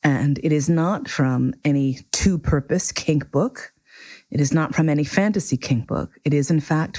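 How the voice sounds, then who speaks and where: A woman with a fairly low voice reads a storybook aloud, swooping widely up and down as she tells it. Her delivery is theatrical and expressive, never flat. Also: dry recording. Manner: animated, theatrical reading. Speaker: reader.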